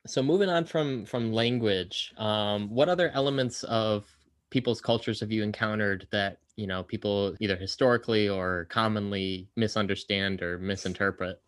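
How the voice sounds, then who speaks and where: Male podcast host, low voice, measured and casual. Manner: measured, asks questions, often gives brief reactions. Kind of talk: casual conversation.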